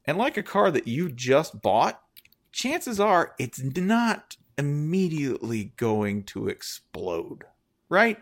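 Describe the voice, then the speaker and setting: A man co-hosting a casual sports podcast, joking and animated, his voice jumping up when excited. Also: on the high side, takes it slowly. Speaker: podcast co-host.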